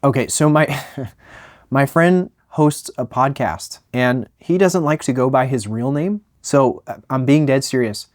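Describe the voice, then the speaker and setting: A young man narrating a comedic storytime with animated, self-mocking delivery and quick jokey asides. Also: medium pitch, dry recording, clean studio sound.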